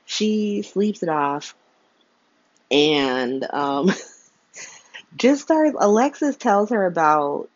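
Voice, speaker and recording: A low-pitched woman talks through a soap opera episode like she's catching up with a friend, slangy, frank and quick to laugh. The sound is dry and a bit dull, like a modest home setup. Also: expressive, no echo. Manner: chatty and slangy, laughs often, frank opinions. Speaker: podcast host. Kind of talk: casual soap opera recap.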